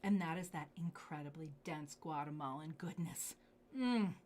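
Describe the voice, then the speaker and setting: A woman's voice: low voice, normal speed. Gushing woman selling jewelry live. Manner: gushing, breathy asides, drops to hushed whispers over pieces. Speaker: jewelry live-stream host. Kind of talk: enthusiastic live sales show.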